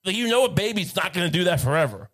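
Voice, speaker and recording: A man's voice: high-pitched, very animated, quick pace, fairly bright tone. A man co-hosting a casual comedic chat, ranting in long rambling runs with stammered restarts. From United States.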